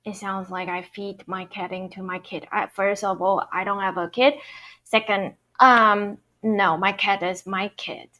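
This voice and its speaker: Slow, patient woman teacher. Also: medium pitch, fairly even intonation, sharp tone. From Taiwan. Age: 30s. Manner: patient, explains step by step, repeats words. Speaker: Mandarin teacher. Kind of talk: online language lesson.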